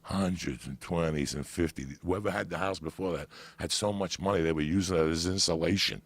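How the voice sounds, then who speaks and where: Gravelly, profane New man. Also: sits low, a little fast, no echo. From New Jersey. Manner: animated, profane storyteller. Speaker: podcast guest. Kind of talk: casual storytelling.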